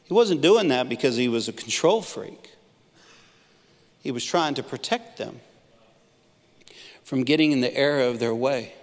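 A middle-aged man preaching from the stage of a church auditorium, mixing jokes into his stories and acting out what people said. His voice sits at a medium pitch and carries a long reverb from the big hall. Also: animated, unhurried, long pauses. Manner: storytelling with humor, acting out quotes. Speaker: pastor. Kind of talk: sermon.

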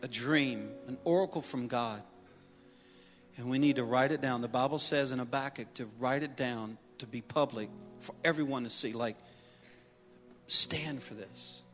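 A middle-aged man preaching a sermon, telling personal stories with humor and building to loud exhortation. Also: medium pitch, moderate pace, faint music behind. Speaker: pastor. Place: church sanctuary. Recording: long reverb of a large hall.

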